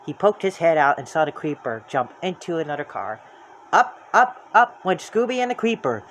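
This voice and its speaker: A storybook reader narrating a children's book aloud in a lively, expressive way. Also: mid-range voice, moderate pace, slight background noise.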